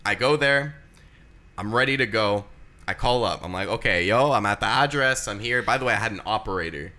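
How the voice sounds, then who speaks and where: A man's voice: lowish voice, brisk. A young man telling a crude personal story in casual chat, acting out what people said. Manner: animated, crude, acts out quoted voices. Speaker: podcast host telling a story.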